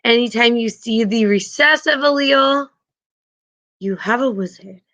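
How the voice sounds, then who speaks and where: A woman's voice: a little high, unhurried, fairly bright tone, poor audio. A woman teaching a class, patiently explaining and often checking in with her students.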